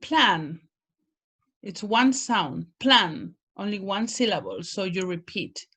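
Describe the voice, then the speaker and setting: A woman's voice: mid-range voice, lively intonation, moderate pace, slightly rough. A woman teacher giving an online grammar lesson, speaking carefully and stressing words to model their pronunciation. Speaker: English teacher.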